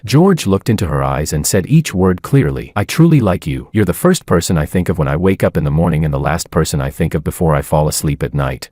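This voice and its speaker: Deep-voiced man narrating a romance. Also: a little mellow, slightly rough, no room sound, clean studio sound. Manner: reads all characters' lines in his own voice.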